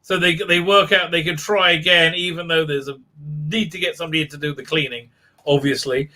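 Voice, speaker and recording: Bright high-voiced sarcastic male host. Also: fairly even intonation, brisk. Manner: mocking, rambling, many fillers. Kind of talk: sarcastic live show recap.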